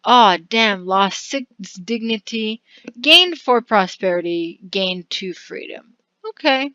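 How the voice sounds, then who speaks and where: A woman's voice: medium pitch, animated, takes it slowly, pushed and bright, dry recording, lo-fi sound. A woman casually narrating a video game, reading its text aloud with chatty asides and frequent laughs. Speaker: let's-play narrator.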